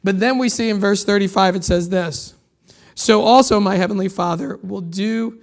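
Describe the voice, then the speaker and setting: A man's voice: high-pitched, vocal fry. A man preaching a sermon, reading scripture and retelling it in casual, plain words. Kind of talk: sermon teaching.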